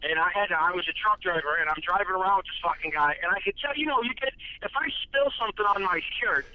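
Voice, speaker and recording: A man guesting on a podcast, telling profane, lively anecdotes in casual chat. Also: high voice, fast, no echo, dull audio.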